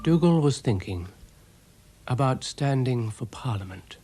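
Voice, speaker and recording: A man's voice: medium pitch, animated, measured pace, over loud music. A British man narrating a children's cartoon in a dry, understated way. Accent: British English. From England.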